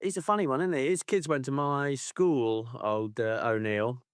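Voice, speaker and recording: A man co-hosting a casual podcast chat, animated and laughing, swearing freely. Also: medium pitch, normal speed, clear, resonant tone, dry recording, clean studio sound. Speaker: podcast co-host.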